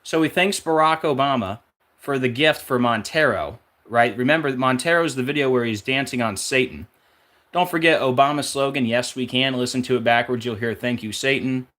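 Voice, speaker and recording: A man's voice: mid-range voice, a little fast, bright, forceful tone. Rambling man listing number links. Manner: off-track, searching aloud with fillers. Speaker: numerology video host. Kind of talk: casual rambling monologue.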